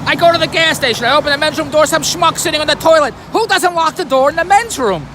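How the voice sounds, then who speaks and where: A man's voice: very high voice, quick pace. A man telling a rambling, wry everyday story in a grumbling, self-amused way, recorded in a car by a busy street. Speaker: vlogger. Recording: noisy street traffic behind.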